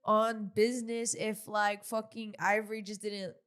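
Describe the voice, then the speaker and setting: A young woman co-hosting a casual podcast, laughing often and chiming in with quick reactions. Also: medium pitch, flat delivery, a bit bright, smooth. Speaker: podcast co-host. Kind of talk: casual reality TV recap chat.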